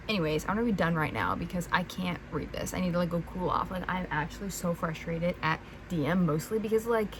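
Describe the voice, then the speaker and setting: A woman's voice: on the low side, brisk, hardly any pauses, background noise. A young woman chatting casually about books she plans to read and ranting about characters, filling her talk with "like". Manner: chatty, lots of "like", ranting and exasperated in the clip. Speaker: book vlogger. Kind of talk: casual reading vlog chat. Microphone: phone propped up.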